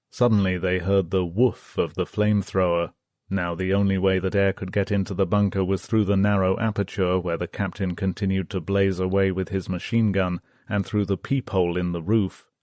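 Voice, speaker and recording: A man narrating a history audiobook in a steady, measured reading. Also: sits low, no echo, clean studio sound.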